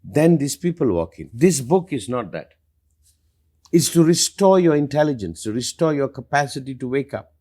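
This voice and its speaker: Middle-aged male teacher, husky, very animated intonation, emphatic live talk. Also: moderate pace. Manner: emphatic, passionate, lively swings in pitch and loudness. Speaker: spiritual teacher.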